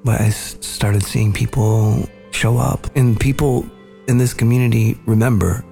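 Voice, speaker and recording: A man hosting a podcast, earnestly recounting a family memory in a measured, reflective way. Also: medium pitch, fairly even intonation, gravelly, dark tone, soft background music. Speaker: podcast host. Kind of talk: reflective storytelling conversation.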